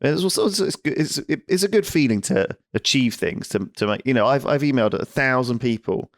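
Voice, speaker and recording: A man's voice: mid-range voice, lively intonation, a little fast, no room sound, clean studio sound. A man co-hosting a podcast in casual chat, rambling and hesitant with many restarts. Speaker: podcast co-host.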